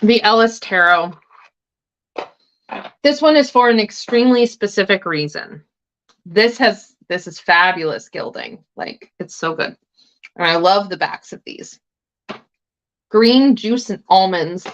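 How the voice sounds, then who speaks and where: A woman talks casually on a livestream and drops swear words without a second thought. Her pitch sits in an ordinary middle range. The sound is dull and a little lo-fi. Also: lively intonation, a little slow, long pauses. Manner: chatty, eats while talking, swears casually. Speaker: tarot livestream host.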